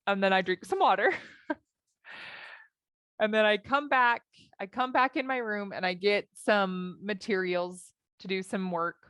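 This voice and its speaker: A woman life coach speaking in a lively, chatty way and acting out her own inner thoughts as she tells a story. Her pitch sits in a middle range. The sound is close and dry, with almost no room echo. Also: measured pace, clean tone. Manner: animated, acts out her own thoughts in quotes. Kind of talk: coaching talk with personal story.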